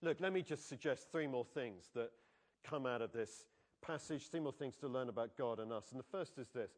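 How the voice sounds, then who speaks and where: Guy giving a sermon in church, chatty and animated, keeps asking the crowd stuff. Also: medium pitch, normal speed. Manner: animated, conversational, asks the congregation questions. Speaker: preacher.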